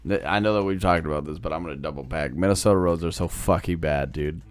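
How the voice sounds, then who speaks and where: A man's voice: deep voice, quick pace. A man chatting casually as a podcast host, telling stories with lots of swearing. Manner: swears freely, animated storyteller. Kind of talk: casual chat.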